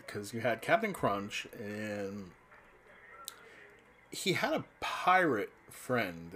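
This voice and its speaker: There's a little hiss or hum behind this medium-pitched, fairly bright male voice. The speaker, a New Jersey man in his fifties, reminisces in a meandering, casual monologue full of restarts and the odd curse word.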